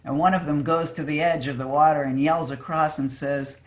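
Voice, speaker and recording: A preacher giving a heartfelt Shabbat sermon over a video call, earnest and emphatic, sometimes pausing to search for words. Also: medium pitch, fairly even intonation. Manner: fervent, searching for words with fillers and restarts. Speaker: maggid, preacher.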